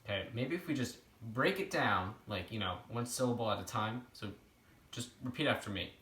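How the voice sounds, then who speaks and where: Exasperated tutor friend, played by a young man, school comedy skit; lively pitch, echoey room. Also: normal speed, a little hiss or hum. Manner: exasperated, increasingly frustrated. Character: impatient friend teaching French.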